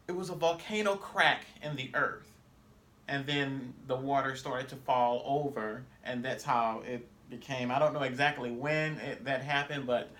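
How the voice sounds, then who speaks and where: A man's voice: mid-range voice, fairly bright tone. A man vlogging on a trip, talking casually to camera in a rambling way, full of fillers and self-corrections. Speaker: travel vlogger. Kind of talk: casual vlog talk to camera.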